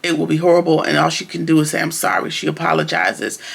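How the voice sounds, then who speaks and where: Male TV reviewer, high voice with a gravelly edge, loose and chatty, recaps plot in casual slang. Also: little pitch movement, fast talker, a bit bright. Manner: rambling, chatty, slangy with frequent restarts. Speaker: TV episode reviewer.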